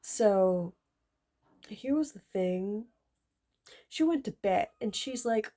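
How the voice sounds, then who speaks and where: A woman's voice: mid-range voice, animated, slow, pauses often, mellow. A woman telling a character's backstory in a casual, rambling chat. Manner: rambling, lots of fillers and restarts. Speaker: video creator discussing a character.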